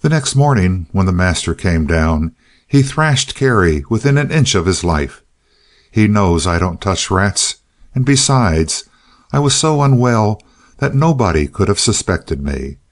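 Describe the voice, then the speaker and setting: A man's voice: sits low, sing-song, measured pace. A man narrating a storybook in the first person as a dog, with a dry, sly, self-satisfied manner.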